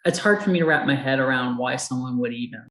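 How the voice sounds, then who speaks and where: A woman's voice: rumbling low, fast, fairly bright tone, roomy sound, poor audio. A woman who fights and coaches Muay Thai, telling her story candidly in a casual interview, laughing often and acting out the people she quotes.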